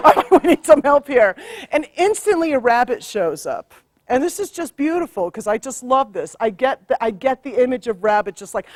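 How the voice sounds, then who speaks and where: A woman astrologer and healer animatedly recounts a session with a client, laughing often and acting out quotes. Her voice is on the high side, recorded at studio quality with no echo.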